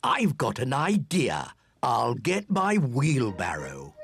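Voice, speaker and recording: Booming grandpa pig, swings up and down, slow, cartoon. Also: male voice, wildly swooping pitch, vocal fry, heavily acted. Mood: hearty. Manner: hearty, booming, pleased with himself. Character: jolly old grandpa pig.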